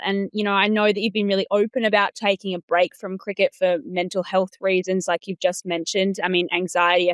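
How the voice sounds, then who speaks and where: A woman's voice: medium pitch, clean tone, dry recording. A woman hosting a sports interview show, supportive and asking long, winding questions. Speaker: podcast host, interviewer.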